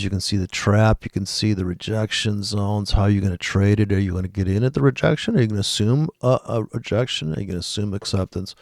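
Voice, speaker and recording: Low-voiced man rambling over charts. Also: gravelly, a little mellow, no echo, clean studio sound. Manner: rambling, profane, thinking aloud. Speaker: trading video host. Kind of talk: casual live chart commentary.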